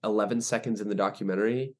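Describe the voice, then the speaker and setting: A young man, a ministry director, telling stories as a podcast guest, animated and full of restarts. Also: lowish voice, very fast. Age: young adult. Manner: animated storyteller, many restarts and fillers. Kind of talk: casual interview chat.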